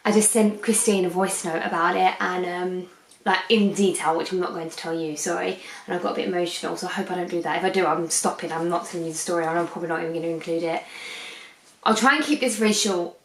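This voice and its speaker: This twenty-something beauty vlogger speaks fast in a lowish, fairly even voice as she chats casually and drifts off topic again and again. She's on her living room sofa at night under harsh light, in an echoey room with slight background noise.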